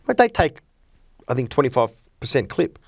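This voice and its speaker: Man, middle-aged, comedian, blunt, opinionated, storytelling, mid pitch, dry sound. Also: sing-song, normal speed, vocal fry, dry recording. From Australia. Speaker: stand-up comedian, guest. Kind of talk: casual podcast chat.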